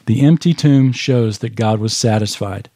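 A pastor gives a sermon in a warm, mellow man's voice at an ordinary pitch. He talks in a folksy, conversational way, explaining patiently with homely examples. The sound is close and dry, with no room around it. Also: normal speed, dry recording. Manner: explains patiently with restarts and emphasis.

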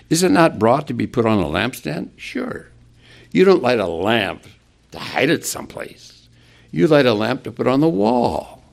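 A man's voice: mid-range voice, vocal fry, darkish tone. A man preaching an expository sermon, asking his listeners rhetorical questions as he works through a Bible passage.

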